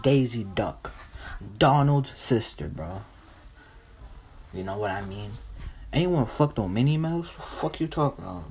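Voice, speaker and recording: A man's voice: mid-range voice, lively intonation, a little slow, pauses often, darkish tone, slight background noise. A young man hosting a podcast, doing a brash, profane comedy monologue. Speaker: podcast host.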